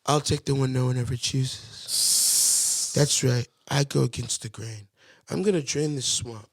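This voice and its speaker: A man doing an impression of a boastful former US president, with a slow, drawn-out, self-satisfied delivery. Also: mid-range voice, fairly even intonation, no echo, voice pushed down. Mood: smug.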